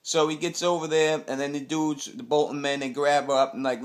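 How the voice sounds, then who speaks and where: A man's voice: a little high, level tone, a little fast, few pauses. A young man from Queens, giving a casual, rambling TV episode recap full of blunt street slang. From Queens, New York. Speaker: TV recap host.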